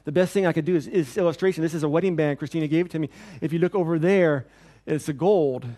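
Man, pastor, church sermon, higher voice, earnest repeating cadence. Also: quick pace, warm tone. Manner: earnest, repetitive preaching cadence.

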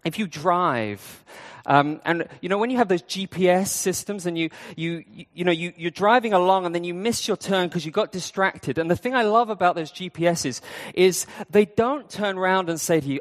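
A man's voice: high voice, lively intonation, moderate pace. Conversational preacher, man, echoey church. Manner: conversational, with fillers and restarts. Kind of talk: sermon.

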